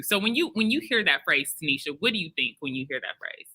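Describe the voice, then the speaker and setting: A woman from Detroit hosts a live podcast at an expo, talking in a bright, ringing voice. She is chatty and animated, laughing often and slipping into bits of song. Her talk is loose and friendly. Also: low voice, fast, few pauses, slightly rough, poor audio. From Detroit, Michigan. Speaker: podcast host. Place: expo venue.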